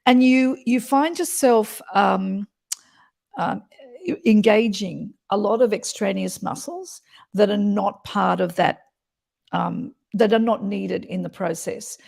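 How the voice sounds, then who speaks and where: A woman voice coach talks through voice technique in a lively, expressive way. Her voice sits in a middle pitch with a gravelly, fry-tinged edge. She often slips into short demonstrations while she explains. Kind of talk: explanatory interview chat.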